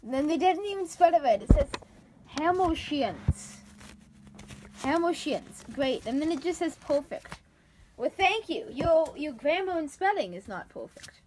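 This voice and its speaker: A woman's voice: sits high, big pitch swings, normal speed, noisy background. A woman reading out written feedback in a dry, sarcastic comedy vlog, sounding out misspelled words. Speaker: comedy vlogger.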